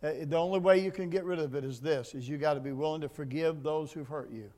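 High-voiced preacher in a reverberant hall. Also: male voice, fast. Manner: swings from low, quiet asides to loud, emphatic preaching. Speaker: pastor. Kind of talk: sermon. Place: church building.

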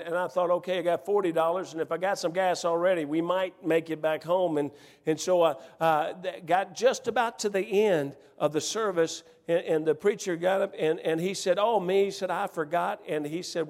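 A man preaches a storytelling sermon in a church sanctuary, recounting a personal story in a folksy, emphatic manner and restarting himself often. His voice sits high, with fairly even intonation and a slightly quick pace, and the church hall adds reverb.

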